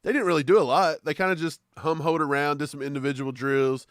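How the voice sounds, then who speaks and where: A man's voice: fairly high pitch, fairly even intonation, quick pace, a bit bright, no room sound, clean studio sound. A man co-hosting a sports podcast, chatting casually and joking in laid-back banter. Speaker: podcast co-host. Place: Kentucky.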